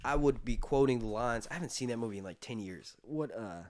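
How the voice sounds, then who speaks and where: A man's voice: medium pitch, brisk, darkish tone. A man hosting a casual live stream chat, rambling loosely, swearing freely and often breaking into laughter. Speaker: YouTube host.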